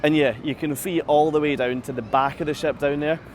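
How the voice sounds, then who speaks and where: A man's voice: on the high side, fairly even intonation, a little fast, a little hiss or hum. A man vlogging live from the deck of a cruise ship. He answers viewer comments in a chatty, self-deprecating way, laughs often, and is slightly out of breath. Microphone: phone camera held at arm's length.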